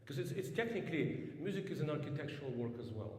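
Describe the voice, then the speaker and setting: A man coaching a piano student in a master class, thoughtful, clearing his throat often and singing phrases to show them. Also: on the high side, expressive, fast, heavy reverb, long reverb tail.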